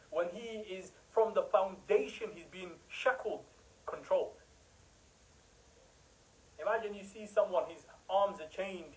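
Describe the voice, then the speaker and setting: A man with a high voice preaches with fervor, hammering his points home in an emphatic, rhetorical way. He often mocks those he criticizes. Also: darkish tone, rough recording. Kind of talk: impassioned religious talk.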